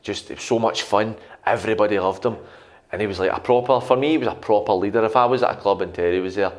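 Fast-talking low Scottish man. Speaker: podcast guest, former youth footballer. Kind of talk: casual chat.

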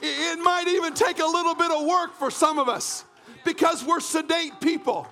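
A man from Canada preaching a fervent sermon, often shouting and repeating phrases in a church. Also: very high-pitched, steady tone, normal speed. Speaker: pastor.

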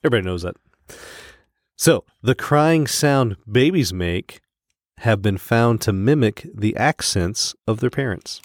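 A man's voice: on the low side, lively intonation, unhurried, dry recording, studio quality. A man co-hosting a casual podcast, joking and laughing often, with frequent restarts mid-thought. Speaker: podcast co-host. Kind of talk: casual chat.

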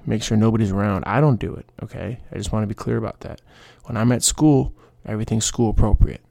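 A man's voice: fairly low pitch, quick pace, creaky, warm tone, no room sound. A young man hosting a casual solo podcast, rambling through stories with quoted voices and asides. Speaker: podcast host.

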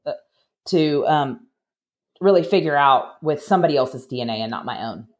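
Chatty woman telling a family story. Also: normal speed. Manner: animated, acts out quoted voices in a higher pitch; chatty with many restarts. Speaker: podcast guest. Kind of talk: personal storytelling.

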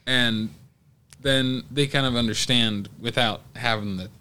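A man co-hosting a casual podcast, speaking haltingly with many restarts and dry humor. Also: medium pitch, fairly even intonation, bright, forceful tone, clear, resonant tone. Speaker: podcast co-host. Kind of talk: casual chat.

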